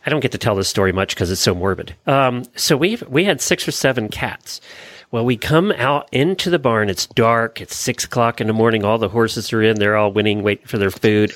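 A man co-hosting a podcast, telling a story in a chatty way with quick restarts and easy chuckles. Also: lowish voice, lively intonation, a bit bright, no room sound. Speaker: podcast co-host. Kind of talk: casual chat and anecdote.

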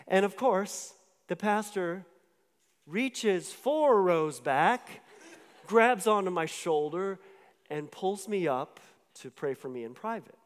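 A man's voice: high voice, normal speed. A man preaching a sermon, telling a personal story in a loose, conversational way, often restarting his words and talking straight to the listeners. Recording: long hall reverb.

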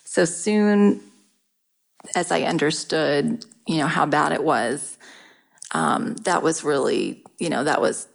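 A middle-aged woman talking candidly in an interview, halting often and restarting her sentences. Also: low voice, creaky. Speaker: guest sharing her cancer story. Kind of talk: casual interview talk.

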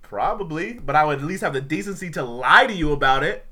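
A man's voice: on the high side, lively intonation, quick pace, pushed and bright. Dry, mock-offended man co-host. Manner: dry, mock-indignant teasing. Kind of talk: casual chat.

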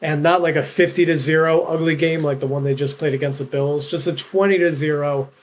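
A man's voice: on the high side, steady tone, brisk, slight background noise. A man co-hosting a casual sports betting podcast, talking in a chatty, rambling way full of "like" and "you know.". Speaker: podcast co-host picking games.

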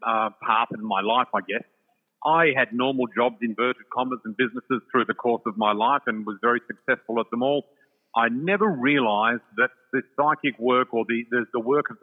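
An older man with an Australian accent tells his story in a chatty, effusive manner, with many ums along the way. His voice sits in a middling register. It comes through a tinny, phone-like line with a long, hall-like reverb. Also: medium pitch. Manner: warm, chatty, effusive, full of fillers. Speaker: psychic guest. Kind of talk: casual storytelling chat.

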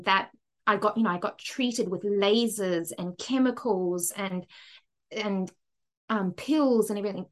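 A woman from Zimbabwe, a podcast guest candidly telling her personal story with lively asides and frequent "right?". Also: mid-range voice.

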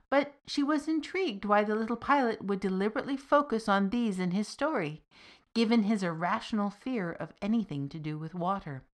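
A woman narrating a fiction podcast in a deliberate, even reading voice with soft, trailing phrase ends. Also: mid-range voice.

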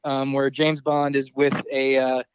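A man's voice: medium pitch, level tone, a little slow, smooth, no echo, muffled recording. A man co-hosting a podcast, chatting casually about a film, rambling, laughing easily and swearing now and then. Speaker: podcast co-host. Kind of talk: casual chat.

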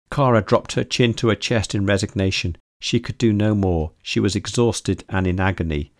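A man reading a story aloud in steady, measured scripted narration. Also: low-pitched, no echo, clean studio sound. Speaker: audiobook narrator.

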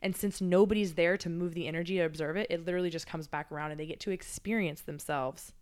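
A woman's voice: on the low side, steady tone, fast talker, a little mellow, clean tone. A woman in casual chat as a podcast guest, speaking candidly and reflectively, swearing freely and using lots of filler words.

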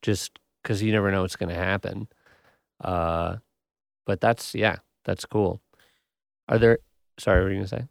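A man with a deep, gravelly voice hosts a relaxed conversation, laughing often and chiming in briefly. The recording is close and dry. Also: moderate pace, long pauses, no room sound. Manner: laughs often, short interjections. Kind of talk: casual conversation.

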